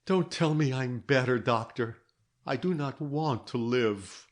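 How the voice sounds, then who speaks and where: A man's voice: mid-range voice, a little slow, lightly acted. A man reading aloud, voicing a frail young woman on her sickbed who sounds weak, plaintive and pleading. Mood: despairing.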